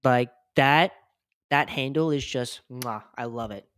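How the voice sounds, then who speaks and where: A podcast host giving a casual, hyped outro full of plugs, talking effusively with big jumps in pitch. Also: measured pace, fairly bright tone, smooth, dry recording, clean studio sound.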